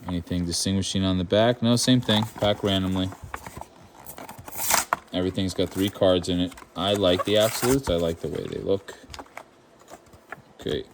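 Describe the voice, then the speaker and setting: Wry low-voiced man opening trading cards. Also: normal speed, pauses often, noisy background. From Ireland. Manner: wry, rambling asides, mock outrage. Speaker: card-opening channel host. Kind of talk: casual card-opening commentary.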